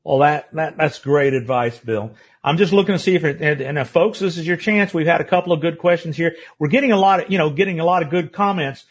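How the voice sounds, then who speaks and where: A man with a husky voice, pitched a little high, hosts a live interview show. He chats in a loose, rambling way and restarts his sentences often, reading out viewer questions. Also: fast talker, hardly any pauses. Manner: chatty, rambling, with many restarts. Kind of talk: live-stream interview hosting.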